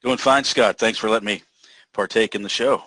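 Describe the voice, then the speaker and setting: A man's voice: on the low side, a little fast, bright, forceful tone, no echo. A man sitting in as co-host, asking questions in an easygoing, conversational way. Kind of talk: podcast interview.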